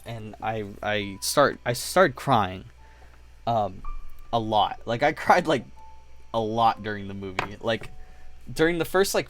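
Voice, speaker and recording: A man chatting casually on his livestream while building models, telling rambling stories, acting out voices and sound effects, and swearing freely. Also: lowish voice. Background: faint music playing.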